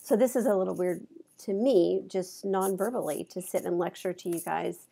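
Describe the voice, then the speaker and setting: A woman college instructor records a lecture from her office, slightly congested from allergies, working conversationally through examples with fillers. Her lowish voice is gravelly yet mellow, at a normal speed, picked up by a clip-on mic.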